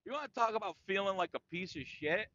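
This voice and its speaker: Fast and lively, a podcast co-host from New York rattles off a comedic story in a high, pushed, bright voice, profane and dropping "dude" after nearly every phrase. The recording is dry, with the highs cut off.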